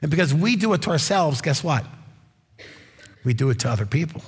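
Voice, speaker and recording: A man's voice: a little high, animated, fairly quick, slightly rough, long reverb tail. A man preaching a sermon as pastor, telling stories in a conversational way with wry asides.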